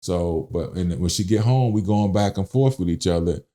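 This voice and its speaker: A man's voice: low voice, normal speed, mellow. A middle-aged man guesting on a podcast, telling a personal story in casual slang and acting out the quotes.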